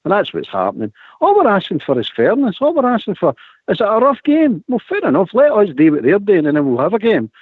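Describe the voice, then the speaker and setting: A Scottish man co-hosting a football fan phone-in, talking with indignant, animated conviction. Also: sits high, brisk, slightly rough, no echo. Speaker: radio co-host. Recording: dry, phone-like radio sound.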